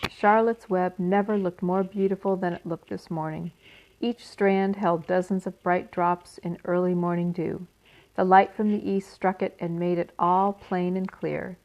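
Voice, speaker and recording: A woman storyteller reading a children's book aloud in a steady, unhurried manner. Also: fairly low pitch, lo-fi sound.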